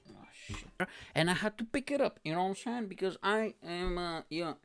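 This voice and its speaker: A man's voice: sits high, expressive, brisk, a bit bright, smooth, soft background music. A young man from Bulgaria, a comedian hosting his own podcast, telling a story in a loose, slangy way full of "like" and "bro". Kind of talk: casual storytelling monologue.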